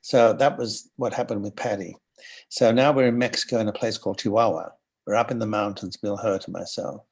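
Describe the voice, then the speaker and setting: An older Australian man telling animated anecdotes as an interview guest, acting out the voices of people he quotes. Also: fairly low pitch, brisk, slightly rough. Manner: animated storyteller who acts out quoted voices. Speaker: guest actor.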